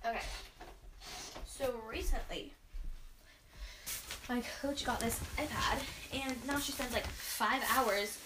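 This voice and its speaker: A woman's voice: on the high side, slow, pauses often, noisy background. A teenage girl ranting casually into her camera from her bedroom, rambling and exasperated, sighing often and restarting her sentences. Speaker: vlogger and gymnast.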